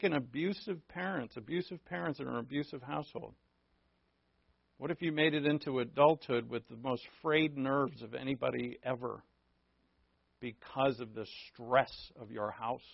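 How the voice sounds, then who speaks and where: Man, pastor, sermon, gravelly voice, animated storytelling, dull dry recording. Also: medium pitch, no echo. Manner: animated storytelling, acts out quoted voices and laughs at himself.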